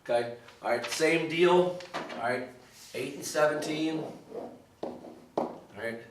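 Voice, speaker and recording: A man with a slightly high voice speaks slowly, picked up from a distance by the mic. He walks through a recorded math lesson one problem at a time, often checking in with "okay" and "all right." The room echoes, his voice sits somewhat off-mic, and background noise is clearly audible.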